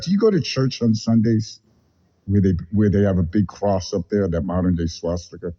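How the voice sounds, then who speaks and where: A man on a confrontational phone call with a company, agitated and rambling, putting on a mock-calm tone. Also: lowish voice, normal speed.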